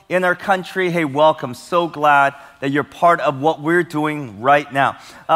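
Male pastor, storytelling sermon, slightly high voice, soft for tender moments, loud for emphasis, long hall echo. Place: large church hall. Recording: long church hall reverb.

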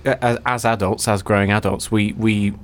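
A young man co-hosting a podcast, chatting casually in a reflective, animated way. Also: on the low side. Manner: animated, reflective, quick agreeing. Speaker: podcast co-host. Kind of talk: casual chat.

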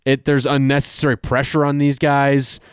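A man co-hosting a sports podcast in casual chat, making measured, reasoned points with some light teasing. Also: mid-range voice, completely flat delivery, clean tone, no room sound, clean studio sound.

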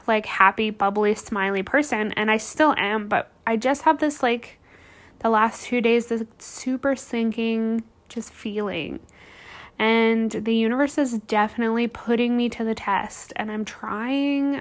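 A woman's voice: on the high side, fairly bright tone. A woman in her thirties hosting a podcast, telling a candid personal story in an emotional, rambling way full of restarts and fillers. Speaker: podcast host.

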